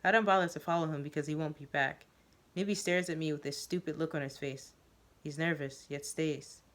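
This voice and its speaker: A reader narrating a story in the first person. The delivery is plain and steady at a middle pitch, with the odd stumble and repeated word. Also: brisk.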